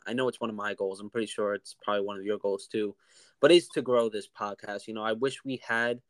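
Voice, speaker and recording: A young man in his twenties co-hosting a podcast over a remote call, chatting in a relaxed, rambling way with lots of fillers. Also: mid-range voice, no room sound. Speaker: podcast co-host. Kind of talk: casual chat.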